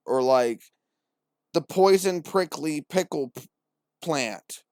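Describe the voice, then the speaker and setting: A man's voice: fairly high pitch, expressive, slow, darkish tone, no room sound, studio quality. A young man hosting a podcast, giving profane, mocking, slangy comedic commentary. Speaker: podcast host.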